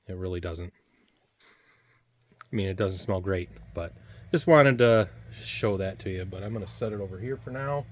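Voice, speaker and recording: A man's voice: fairly low pitch, a little mellow. A man casually talking through a taste test of old food, rambling and restarting his sentences a lot. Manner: rambling, halting, full of restarts and fillers. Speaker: food reviewer.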